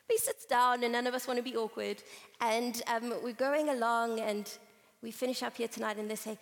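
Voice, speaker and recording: A woman's voice: on the high side, steady tone, normal speed. A woman speaker at a conference, preaching and reading scripture in a conversational, storytelling manner. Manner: conversational, storytelling with playful asides. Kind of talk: sermon with Bible reading. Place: conference hall. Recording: reverberant hall.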